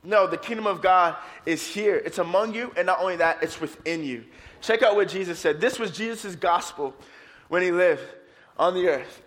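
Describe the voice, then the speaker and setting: A man preaching a sermon as pastor, lively and playful with his congregation. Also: high-pitched, normal speed. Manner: energetic, playful preaching, leads congregation in song.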